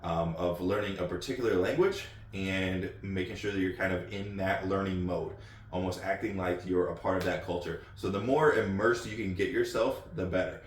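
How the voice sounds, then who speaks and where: A low-voiced American man hosts his channel in a loose, off-the-cuff ramble, full of ums and repeated words. He sits some way from the mic in a room with a lot of echo. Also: moderate pace, a little hiss or hum. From United States. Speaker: channel host. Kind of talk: casual off-the-cuff talk. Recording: echoey room, distant mic.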